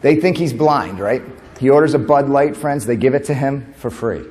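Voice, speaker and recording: A man from New York delivers a stand-up comedy keynote on a conference stage. His pitch sits mid-range as he rattles off quick asides and laughs at his own jokes. The sound carries a long hall reverb. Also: darkish tone. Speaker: comedian and motivational speaker.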